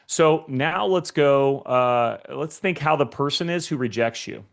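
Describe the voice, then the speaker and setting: A man's voice: medium pitch, measured pace, gravelly. A man giving a motivational sales training talk to real estate agents, speaking straight to his audience and acting out short scenes. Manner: energetic, addresses the audience directly, acts out short scenes.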